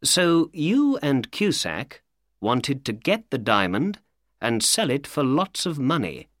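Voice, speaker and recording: Man reading as a calm, knowing detective. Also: medium pitch, no room sound, studio quality. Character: calm, knowing male detective explaining a crime. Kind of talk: audiobook character voice.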